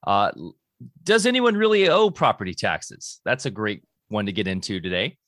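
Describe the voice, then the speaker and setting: A man's voice: on the low side, very animated, normal speed, fairly bright tone, no room sound, clean studio sound. A man hosting a podcast over a video call, talking casually with many ums and uhs. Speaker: podcast host.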